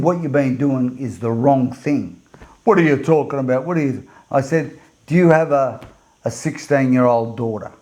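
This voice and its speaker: A man's voice: a little high, darkish tone. A middle-aged man from Australia, a men's coach telling a story in a motivational talk, rambling, repeating words and laughing as he goes. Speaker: men's coach and podcast host.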